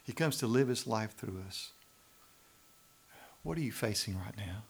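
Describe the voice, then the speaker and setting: A man's voice: fairly low pitch, animated, measured pace, gravelly, slight background noise. A man with a Southern US accent preaching a sermon in a conversational, pleading way, often asking the audience questions. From Macon, Georgia, US South. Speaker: pastor.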